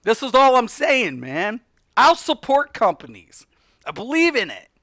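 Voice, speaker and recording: A man's voice: extremely high pitch, wildly swooping pitch, unhurried, pushed and bright, no echo. A man ranting on a casual livestream, heated and profane, laughing between points.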